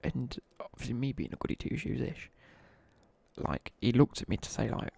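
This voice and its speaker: A young British man with a dark, husky, medium-pitched voice and vocal fry speaks at a normal pace while gaming on a live stream. He tells laddish school stories in a chatty way, full of slang and side comments about the game.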